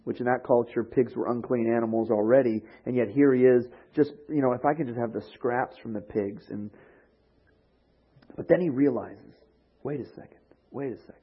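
Husky male pastor preaching animatedly. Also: mid-range voice, normal speed. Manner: animated storytelling, acting out quoted voices. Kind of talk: sermon. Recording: dull lo-fi recording.

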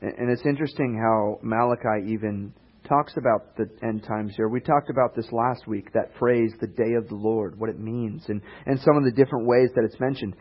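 A man preaching a casual sermon, retelling stories in a conversational way with sarcastic asides and quick character voices. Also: lowish voice, fairly even intonation, dull audio. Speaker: pastor.

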